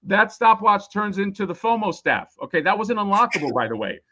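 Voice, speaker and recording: A man's voice: high voice, very animated, brisk, bright, forceful tone, muffled recording. A man losing his voice, rambling casually and swearing a lot while explaining a toy on a live stream. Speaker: toy designer presenting a crowdfunding campaign.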